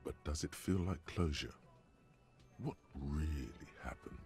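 An actor voicing a deep-voiced male inner narrator in a video game, measured and wry. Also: over music. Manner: measured, wry, hushed at times.

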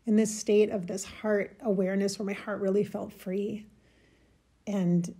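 Soft husky woman recounting a spiritual experience. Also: medium pitch, level tone. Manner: emotional, halting, searching for words. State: choked up. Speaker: spiritual channel host. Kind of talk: personal spiritual storytelling.

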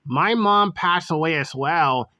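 A woman voicing a shy new teenage boy student with an emo look, speaking softly and hesitantly. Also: sits low, slow pace, no echo, dull audio, pitched below the performer's own voice, exaggerated voice. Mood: subdued.

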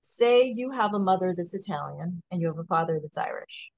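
A woman's voice: lowish voice, lively intonation, a little fast, gravelly, no echo. A woman hosting a casual podcast, explaining ideas through everyday comparisons. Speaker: podcast host.

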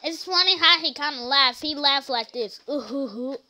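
A woman streamer acting out comedic skits, loud and playful with shouted exclamations. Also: high-pitched, normal speed. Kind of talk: comedic skits with character voices.

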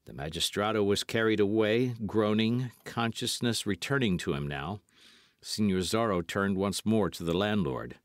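A man narrating an audiobook with lively, dramatic storytelling. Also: on the low side, normal speed, no echo, clean studio sound. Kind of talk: scripted narration.

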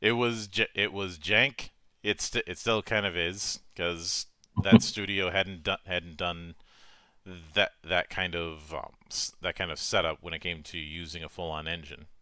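A man's voice: low voice, flat delivery, unhurried, pushed and bright, dry recording, clean studio sound. A man hosting a casual interview, often stumbling and restarting his words. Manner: stammering restarts, repeats words. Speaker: host.

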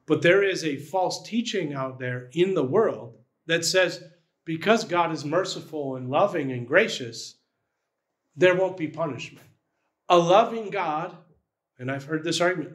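High-voiced man preaching a sermon. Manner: conversational preaching, frequent "right?" asides. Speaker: pastor. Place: church.

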